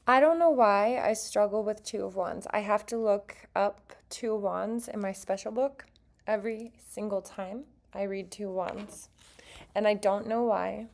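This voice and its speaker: A woman's voice: mid-range voice, measured pace, gravelly, slight background noise. A woman giving a casual tarot card reading to her viewers, chatty and earnest, with self-aware asides as she reads. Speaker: tarot reader.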